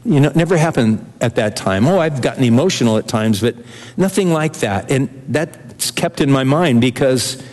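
An older man preaches with earnest conviction, his pace rising and easing as he works through the text. His voice sits a little high for a man, and his words ring out in a church with a long reverb trailing behind them. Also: a little mellow. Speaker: pastor. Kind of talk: sermon.

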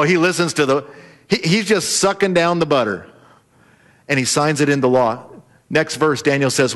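Animated, joking male pastor. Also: mid-range voice, moderate pace. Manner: animated, humorous storytelling. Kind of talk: sermon.

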